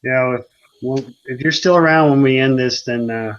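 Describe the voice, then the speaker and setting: A man's voice: mid-range voice, normal speed. Man, teasing, joking, muffled lo-fi sound. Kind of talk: casual chat. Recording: dull, lo-fi mic.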